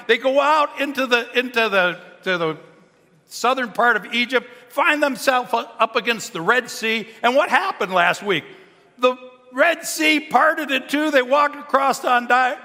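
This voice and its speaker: Animated male pastor in a reverberant church. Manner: animated, rhetorical questions, drops to low murmurs. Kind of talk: sermon. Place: church sanctuary.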